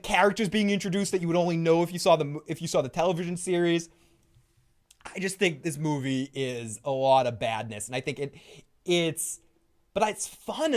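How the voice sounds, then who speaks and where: A man hosting a casual, opinionated chat, rambling through restarts and swearing freely. He is playful and keeps dropping into quick impressions. His voice sits on the higher side for a man. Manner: profane and rambling, full of restarts. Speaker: host.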